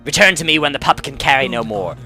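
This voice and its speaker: A man voicing a proud, gruff female orc admiral in a fantasy game, with a stern, theatrical delivery. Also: medium pitch, expressive, fast, pushed and bright, soft background music.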